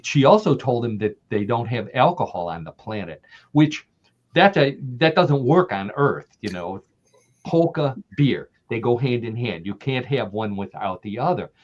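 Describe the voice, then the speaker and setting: A man telling a story as a podcast guest in a relaxed, jokey way, chuckling along. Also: mid-range voice, normal speed. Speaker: podcast guest, paranormal news writer. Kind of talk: casual interview storytelling. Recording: dull lo-fi sound.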